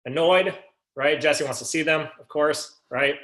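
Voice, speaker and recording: A sales coaching call is led by a man whose voice is a little high, a little slow and a bit bright, recorded in an echoey room. He asks rhetorical questions, checks in with listeners, and keeps saying "right?"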